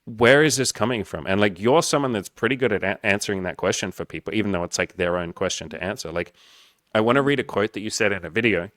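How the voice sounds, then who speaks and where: Earnest low-voiced man coaching. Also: quick pace, fairly bright tone, no room sound, studio quality. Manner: earnest, explanatory, acts out quoted self-talk. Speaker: dating coach and podcast host. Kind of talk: casual podcast conversation.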